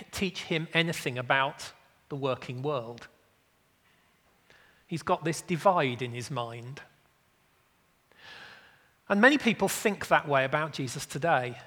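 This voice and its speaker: A man's voice: a little high, a bit bright, long reverb tail. A man preaching a sermon, earnest and emphatic.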